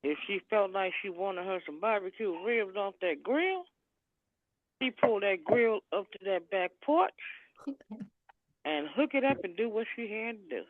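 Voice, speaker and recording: A woman calling in to a group video chat, telling folksy stories in a lively, down-home way over the phone. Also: medium pitch, moderate pace, no echo. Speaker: caller. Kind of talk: casual storytelling. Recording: tinny phone line.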